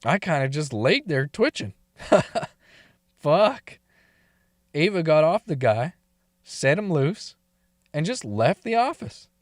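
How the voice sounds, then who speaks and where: A man's voice: on the high side, very animated, takes it slowly, long pauses, no room sound, clean studio sound. A man telling a story in a casual, crude way, swearing and laughing often between lines.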